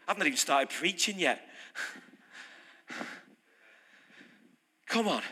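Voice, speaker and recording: A British man preaching a sermon, lively and conversational, putting questions to his congregation. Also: fairly high pitch, slow, breathy edge. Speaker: pastor. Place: church hall. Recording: reverberant hall.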